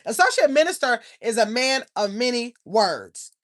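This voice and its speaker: A woman's voice: a little high, big pitch swings, normal speed. An older woman, hosting a casual livestream, rambling and chatting with viewers. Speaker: channel host.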